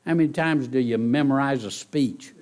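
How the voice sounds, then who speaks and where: A man preaching a sermon in church, folksy and animated, often asking the congregation rhetorical questions. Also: mid-range voice, normal speed. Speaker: pastor.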